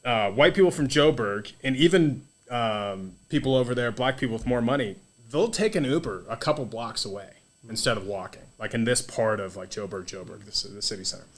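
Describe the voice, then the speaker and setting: A man, a podcast guest, telling a story in a casual, animated and profane way, full of "dude" and "like". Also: medium pitch, brisk. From United States.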